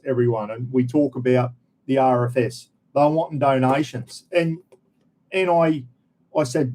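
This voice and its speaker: Australian man, livestream host, blunt and foul-mouthed, mellow darker voice, mid-pitched. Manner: blunt, swears often, talks straight to viewers. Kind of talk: casual live-stream rant.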